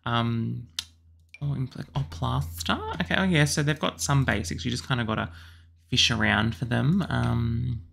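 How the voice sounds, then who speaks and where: A young Australian man chatting casually and excitedly as he builds a house in a video game, with lots of apologetic asides. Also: mid-range voice, normal speed, gravelly, slight background noise. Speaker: YouTuber building houses in a life-sim game. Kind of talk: casual gameplay commentary.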